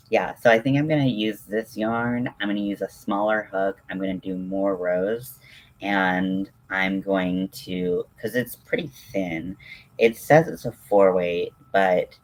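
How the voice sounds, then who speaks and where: A man hosting a casual crafting livestream, reading chat and reacting with excitable gushing between lots of ums and restarts. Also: sits low.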